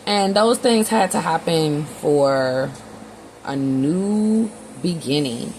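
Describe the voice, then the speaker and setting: A woman's voice: fairly low pitch, a little mellow, a little hiss or hum, low-quality recording. A woman giving a casual tarot reading, talking bluntly with slang and swearing. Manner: blunt, slangy, swears freely, acts out both sides in quotes. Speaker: tarot reader.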